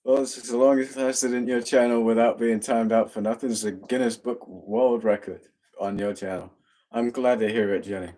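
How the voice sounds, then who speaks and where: A man's voice: medium pitch, fairly even intonation, normal speed, warm tone. A man co-hosting a casual live stream from a home bar, reading out viewer comments and laughing often. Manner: upbeat, laughs often, talks to his dogs.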